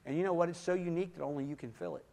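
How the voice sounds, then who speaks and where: A man giving a sermon testimony, swinging from quiet, intimate moments to loud, emphatic calls, with repeated "come on" and "listen". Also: on the high side, racing. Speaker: guest speaker giving testimony.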